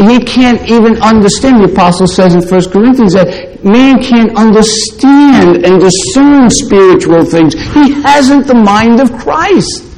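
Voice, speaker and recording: A male pastor delivering a sermon in a noticeably high voice. He speaks slowly and deliberately, driving each point home with short, repeated, scolding statements. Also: darkish tone, poor audio. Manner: emphatic, scolding preaching with repeated short declarations.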